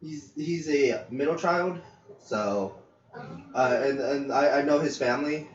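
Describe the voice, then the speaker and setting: A man's voice: fairly high pitch, measured pace. A man co-hosting a podcast, telling a long work story in a rambling casual way, with many fillers and some swearing. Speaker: podcast co-host. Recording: roomy, distant, dull lo-fi mic.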